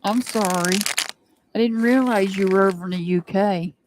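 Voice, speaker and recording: A woman's voice: mid-range voice, moderate pace, a little mellow, a little hiss or hum. A woman doing a live-stream tarot reading, chatting and rambling with her viewers and laughing often. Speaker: tarot reader.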